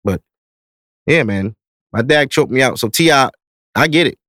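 A man's voice: medium pitch, moderate pace, no echo, studio quality. A man in his thirties hosting a podcast, telling stories in a casual, profane, laughing way. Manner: profane, lively, laughing storyteller. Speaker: podcast host. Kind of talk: casual storytelling.

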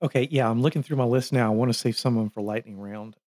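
A man co-hosting a casual movie podcast, picking at plot details in a questioning, animated way. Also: mid-range voice, fast talker, no room sound, studio quality. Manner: nitpicky, questioning, animated retelling. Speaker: podcast co-host. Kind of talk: casual movie review chat.

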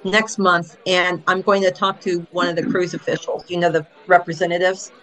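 A woman's voice: on the low side, little pitch movement, normal speed, a bit bright, low-quality recording. A woman hosting a casual pub-style podcast, chatty and teasing. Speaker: podcast host, landlady.

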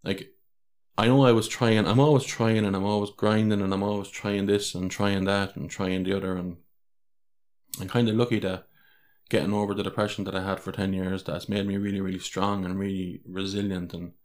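A man with an Irish accent and a very low, deep voice hosts a solo podcast. He talks candidly and in a rambling way, restarting his sentences and swearing freely as he goes. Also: little pitch movement, a little fast, darkish tone. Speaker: podcast host.

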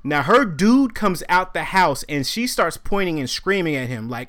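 A young man in casual podcast talk, telling a story with animated quoted voices. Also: fairly high pitch, moderate pace, few pauses. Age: young adult.

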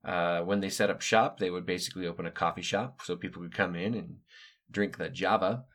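A man's voice: low-pitched, steady tone, fairly quick, a bit bright. Wry, digressive middle-aged American man. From United States. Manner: wry, digressive, with offhand asides and hesitations. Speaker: podcast host recounting his upbringing. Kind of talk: casual monologue storytelling.

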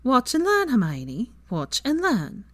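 A woman's voice: sits high, very animated, a little fast, no echo, voice pushed up. A woman voicing a cheerful, sly young witch who talks in a playful, sugary way, in a fan fiction reading.

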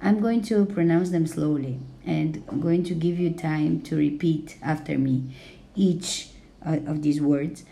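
A woman teaching in a podcast lesson, speaking slowly and carefully with many fillers, her voice still a little hoarse as it recovers. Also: deep voice, dark tone. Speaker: language teacher.

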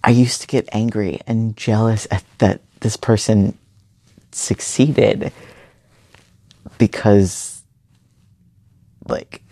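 Slow gravelly-voiced young man. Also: fairly low pitch, a little mellow, no room sound. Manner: earnest, halting, emotional. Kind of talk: personal late-night monologue.

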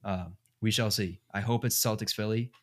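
A man's voice: lowish voice, steady tone, normal speed. A man hosting a casual sports podcast, thinking aloud with lots of fillers. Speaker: podcast host.

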